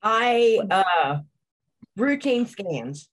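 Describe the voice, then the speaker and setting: A woman's voice: mid-range voice, very animated, drawn-out words. A woman speaking as a client in a reading session, answering in a plain, hesitant way. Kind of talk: casual conversation.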